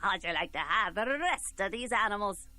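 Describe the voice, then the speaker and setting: A woman's voice: medium pitch, expressive, normal speed, pushed and bright. A woman voicing a sly little wee man who coaxes a boy into trades. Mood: coaxing.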